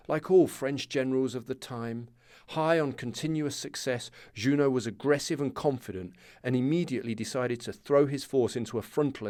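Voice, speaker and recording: A man's voice: mid-range voice, a little mellow, no echo. Man narrating a history podcast, dry sound. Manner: storytelling with casual asides. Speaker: podcast host.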